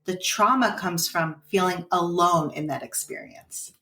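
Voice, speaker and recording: A woman's voice: lowish voice, a little slow, bright, forceful tone. A woman coaching parents in a podcast conversation, explaining earnestly and acting out what a parent and child might say. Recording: roomy and distant from the mic.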